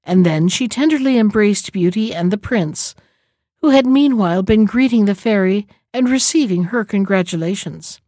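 A woman calmly reading a fairy tale aloud in a measured storybook manner. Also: mid-range voice, no room sound, clean studio sound.

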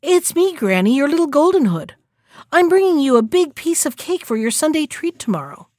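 Innocent curious small girl, voiced by a woman reader; bright, eager, dry close sound. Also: sits high, sing-song, normal speed, no echo, pitched above the performer's own voice. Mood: chatty. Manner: bright, wide-eyed, eager. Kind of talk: storybook reading.

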